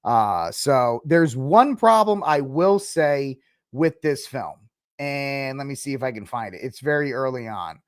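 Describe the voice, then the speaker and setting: A man's voice: medium pitch, lively intonation, unhurried, dry recording, clean studio sound. A man hosting a podcast, talking casually and rambling through opinions, mocking and exasperated at times. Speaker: podcast host. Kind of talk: casual commentary.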